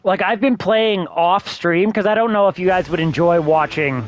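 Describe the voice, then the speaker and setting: A man's voice: sits high, moderate pace, no echo, dull audio. A man streaming a video game, ranting in a profane, exasperated way and thanking his viewers. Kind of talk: casual game-stream rant.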